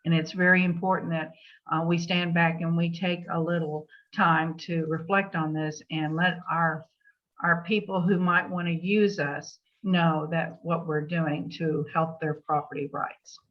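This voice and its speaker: A woman giving a plainspoken legal update to real estate agents. She takes their questions, pausing with fillers and adding emphatic asides. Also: on the low side, level tone. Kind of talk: briefing with answers to questions. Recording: dull lo-fi meeting recording.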